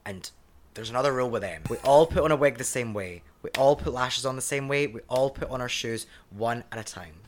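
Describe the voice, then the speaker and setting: A man, a drag performer, chatting on a podcast in a studio, telling lively stories and slipping into high mock voices when quoting people. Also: brisk, slight background noise. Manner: animated storyteller, jumps into high mock voices for quotes. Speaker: drag queen guest. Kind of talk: casual podcast chat.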